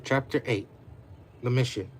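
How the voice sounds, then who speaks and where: A man's voice: mid-range voice, a little slow, a little hiss or hum. A man reading his own homemade adventure story aloud in a casual, unpolished way.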